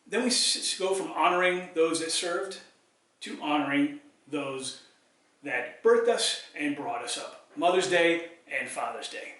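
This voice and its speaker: A man's voice: fairly high pitch, animated, a little slow, pushed and bright, distant mic. A man hosting a solo talk show, chatting upbeat and asking his viewers questions. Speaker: host. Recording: echoey room, voice a bit off mic.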